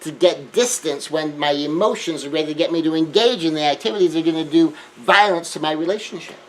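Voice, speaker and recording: A man giving an earnest self-help lecture, shifting between hushed remarks and emphatic raised lines. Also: on the high side, fast, rough recording. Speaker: speaker.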